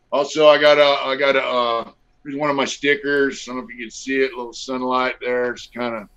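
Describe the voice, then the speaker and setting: With a clean, slightly bright voice of medium pitch, a middle-aged man spins stories as a guest on a video call interview. He's blunt, profane, easygoing, and heavy on fillers, and the audio quality is dull and lo-fi.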